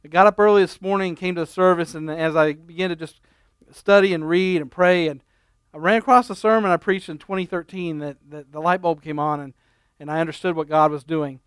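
A man preaching a sermon, a folksy storyteller telling humorous stories at an unhurried pace with frequent ums and restarts. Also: fairly high pitch, fairly even intonation, smooth, no room sound. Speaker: pastor.

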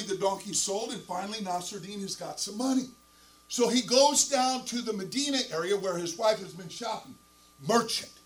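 A man's voice: high-pitched, fairly bright tone, rough recording. An older man preaching a sermon, telling a story with emphatic repetition and asides to the pastor. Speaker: guest preacher.

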